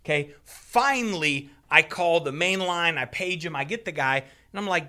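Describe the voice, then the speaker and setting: A man casually retelling a frustrating story, animated and profane, laughing as he goes. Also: on the high side, normal speed. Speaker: storyteller on a talk show. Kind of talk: casual chat.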